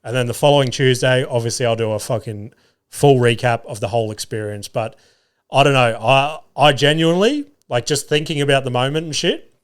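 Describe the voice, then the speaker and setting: A young Australian man hosting his podcast, telling a story in a casual, profane, animated way and acting out the people in it. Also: medium pitch, fairly quick, clean tone. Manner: animated, profane, acts out voices of others. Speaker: podcast host.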